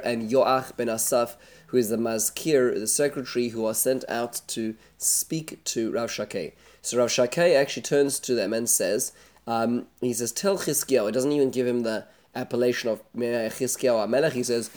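A man teaching a Bible text study lesson in a casual way, pausing often with fillers and restarting his sentences, and growing animated when he retells the speeches. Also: medium pitch. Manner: hesitant, many fillers and restarts, animated when voicing quoted taunts. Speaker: Torah teacher.

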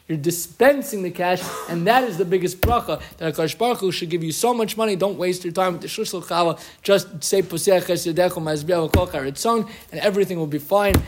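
Lively male Torah teacher, high voice, quoting sources with emphasis, speaking to a room. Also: a little hiss or hum. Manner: animated, quoting Hebrew sources with emphatic rises. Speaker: rabbi teaching a class. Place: room with an audience.

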